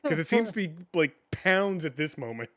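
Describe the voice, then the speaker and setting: A man's voice: on the high side, sing-song, moderate pace, a bit bright. A man co-hosting a casual gaming news podcast, ranting with lots of swearing and frequent laughs. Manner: profane, ranting, laughs often. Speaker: podcast co-host.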